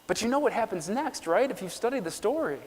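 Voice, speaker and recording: In a church sanctuary, a man preaches an earnest sermon, reading scripture aloud and performing the quotes. His voice sits high and is expressive, fast, and slightly rough. The long reverb of the church hall fills the recording.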